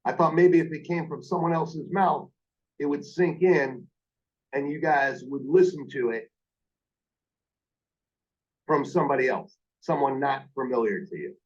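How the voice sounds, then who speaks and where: A man's voice: mid-range voice, measured pace, pauses often, lo-fi sound. A man training call-center staff on phone sales, speaking emphatically and repeating his key points. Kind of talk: coaching a call-center team.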